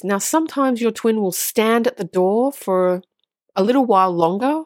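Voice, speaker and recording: A woman's voice: mid-range voice, lively intonation, a little fast, darkish tone, no room sound, studio quality. A woman vlogging to her viewers in a casual, earnest monologue, repeating phrases for emphasis and swearing now and then. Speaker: spiritual vlogger on twin flames.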